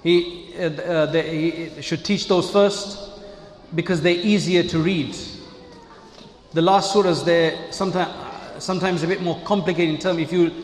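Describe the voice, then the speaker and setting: A man's voice: on the high side, steady tone, measured pace, a little hiss or hum. A man giving an earnest religious lesson on Quran recitation, explaining from his own teaching experience. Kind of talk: religious lesson with personal anecdote. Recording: echoey hall with faint ambience.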